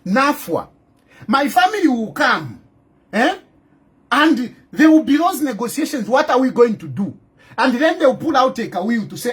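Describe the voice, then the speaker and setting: A man's voice: extremely high pitch, big pitch swings, moderate pace, breathy edge. A man from Zambia with a Zambian accent, a commentator in exile giving a heated, scolding monologue and repeating phrases for emphasis. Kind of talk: impassioned monologue to camera.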